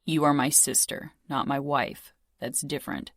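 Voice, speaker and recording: A woman's voice: rumbling low, steady tone, moderate pace, dry recording, clean studio sound. A woman voicing a stern, protective young man, speaking in a clipped, grim way.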